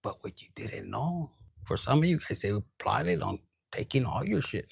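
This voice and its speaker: A man giving a collective tarot reading. He talks in a profane, animated way and drops into Spanish. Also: mid-range voice, normal speed, vocal fry, husky, no echo. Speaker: tarot reader.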